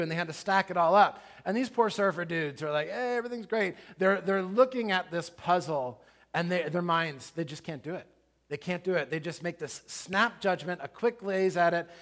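A middle-aged pastor with a slightly high voice preaches a sermon. He tells a lively story and talks straight to his congregation in a relaxed, conversational way.

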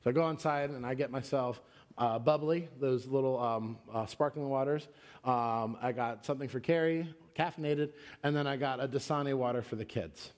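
A middle-aged man preaching a sermon as pastor, telling a story and acting out the quotes in it. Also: moderate pace. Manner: storytelling, acts out quotes with raised pitch.

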